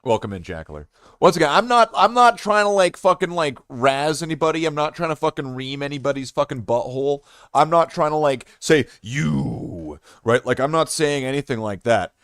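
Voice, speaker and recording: Fairly high-pitched, expressive, and smooth, this gaming streamer talks a little fast in a bright voice, recorded dry with clean studio sound. He rambles and rants to his chat, swearing heavily and restarting often.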